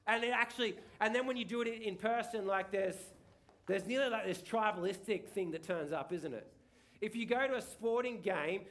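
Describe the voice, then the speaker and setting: Male pastor, middle-aged, high-pitched, casual rambling preacher who keeps restarting his sentences. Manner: chatty, rambling with many restarts and tag questions. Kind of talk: casual sermon. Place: church hall.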